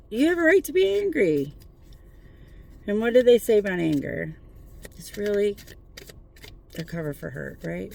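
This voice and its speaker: A tarot reader talks into a phone from a parked car at night in a gravelly, creaky voice. The talk is a casual spiritual pep talk, earnest and encouraging, but full of swearing and wisecracks. A faint hiss sits under the voice. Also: medium pitch. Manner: profane, joking, earnest encouragement.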